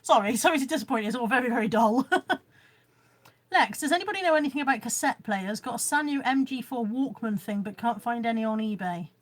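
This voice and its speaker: A woman's voice: fairly high pitch, fast, hardly any pauses. A woman chatting casually on a live stream at home, showing her haul and reading out viewer comments. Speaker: vlogger. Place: room at home.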